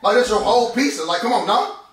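High-voiced, fast-talking angry man. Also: animated. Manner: loud, profane, repeats himself. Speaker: husband in a prank vlog. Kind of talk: angry ranting argument. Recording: echoey room, mic from a distance.

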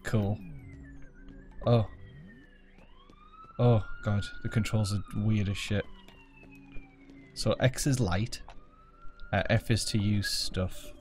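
A man's voice: lowish voice, steady tone, slow pace, long pauses, a little mellow, faint music behind. A man playing a game at his home desk, joking, swearing and mocking himself as he plays. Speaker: let's play gamer. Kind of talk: casual gameplay commentary.

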